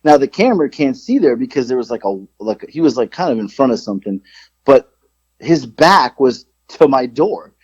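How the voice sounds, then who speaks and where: A man co-hosting a podcast, telling stories in casual chat, swearing freely and jumping up in pitch when he quotes himself. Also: moderate pace, slightly rough, no room sound. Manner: animated storyteller, jumps high when quoting himself, swears freely. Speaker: podcast co-host. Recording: slightly dull lo-fi sound.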